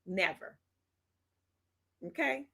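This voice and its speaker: A woman's voice: mid-range voice, lively intonation, extremely slow, gravelly, fairly bright tone, slightly rough. A woman hosting a casual political livestream, reading viewer chat and answering it bluntly with slangy sass. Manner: sassy and blunt, slangy talk with "child", "honey", "okay?". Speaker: host of a live political talk stream.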